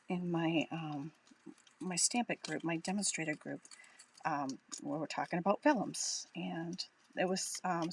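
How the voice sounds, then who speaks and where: Thinking out loud as she crafts, this Boston-accented demonstrator keeps her live tutorial bright and chatty. Her mid-range voice has a slightly bright edge.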